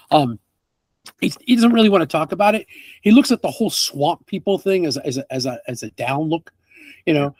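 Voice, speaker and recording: A man narrating as game master of a tabletop game, animated and laughing, with casual fillers. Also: a little high, no room sound.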